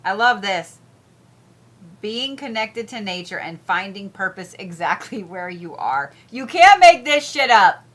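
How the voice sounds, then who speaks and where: A woman's voice: mid-range voice, very animated, unhurried, fairly bright tone. A woman hosting casual zodiac and crystal reads, blunt and profane, repeating herself as she talks. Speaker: spiritual reader, host.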